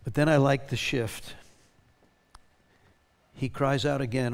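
A man preaching a sermon, animated and emphatic, reading scripture aloud with feeling. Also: medium pitch, slow pace, vocal fry, pauses often. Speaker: pastor.

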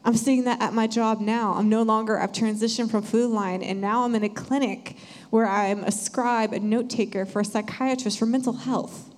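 A young woman sharing an earnest, animated church testimony. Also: a little high, normal speed, hardly any pauses. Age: young adult. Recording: hall reverb.

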